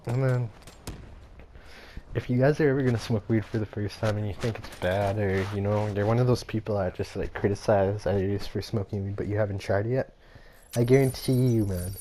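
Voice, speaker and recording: A man's voice: lowish voice, fairly even intonation, brisk, warm tone, a little hiss or hum. Laid-back young man rambling a story. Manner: rambling, filler-heavy, laughs often. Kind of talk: casual storytelling vlog.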